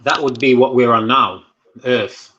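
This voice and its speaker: A man with a bright, sharp voice thinks out loud, stumbling and restarting as he searches for words. The recording sounds dull and lo-fi. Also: mid-range voice, unhurried. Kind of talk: casual conversation.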